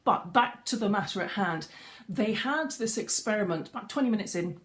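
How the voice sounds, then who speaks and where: A woman's voice: mid-range voice, animated, fairly quick, fairly bright tone. A middle-aged woman giving a chatty live-streamed lesson as a voice coach, greeting viewers as she goes. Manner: chatty, greets viewers mid-talk, frequent restarts. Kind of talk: facebook live coaching talk. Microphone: webcam or phone on a live stream.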